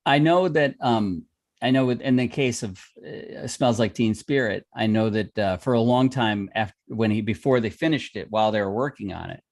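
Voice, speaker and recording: A man's voice: lowish voice, normal speed, a little mellow. A man telling long stories in casual livestream chat, with many restarts and fillers. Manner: rambling storyteller with many restarts. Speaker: podcast co-host. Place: music industry veteran, former record store clerk.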